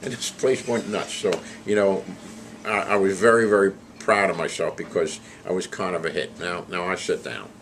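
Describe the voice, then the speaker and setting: Man, deep voice, lively storyteller, chuckles between jokes, faint ambience. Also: normal speed, a little hiss or hum. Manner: animated joke-telling, chuckling as he goes. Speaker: storyteller recalling a celebrity roast. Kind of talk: anecdotal storytelling.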